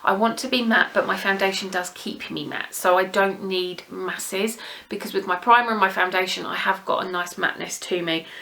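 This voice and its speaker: A young British woman chatting to her camera as a beauty vlogger, rambling and gushing in an easy, friendly flow. Her tone is crisp and sharp, with a middling pitch. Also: fairly even intonation, moderate pace. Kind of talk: casual chat to camera.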